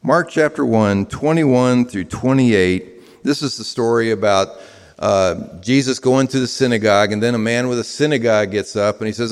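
A Southern American pastor delivers a sermon to a live audience in a large room, speaking conversationally with many fillers and restarts. His mid-range voice moves at a moderate pace, and the hall gives the recording a long reverb.

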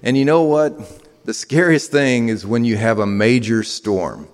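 A man's voice: medium pitch, a little slow. Southern guy preaching, talks easy with lots of "you know"s, big echoey hall. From American South. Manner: conversational, with frequent fillers and restarts. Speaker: pastor. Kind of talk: sermon. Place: large room with a live audience. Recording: long reverb of a hall.

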